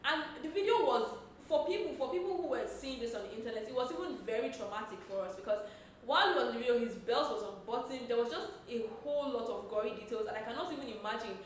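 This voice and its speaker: A woman presenting entertainment news in an animated, chatty gossip style. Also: a little high, a little hiss or hum. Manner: animated, expressive storytelling. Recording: roomy echo, distant from the mic.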